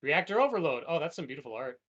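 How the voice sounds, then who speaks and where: A man's voice: a little high, big pitch swings, fast, fairly bright tone, highs cut off. A man co-hosting a podcast, playing a cooperative card game and reading its story text aloud, often laughing. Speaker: podcast co-host and player. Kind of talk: casual board game play with card reading.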